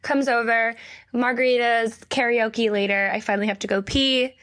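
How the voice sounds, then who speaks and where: A woman's voice: fairly high pitch, fairly even intonation, normal speed, fairly bright tone. A woman co-hosting a podcast, telling her own story in a candid, blunt way with frequent laughter. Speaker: podcast co-host. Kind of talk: casual chat.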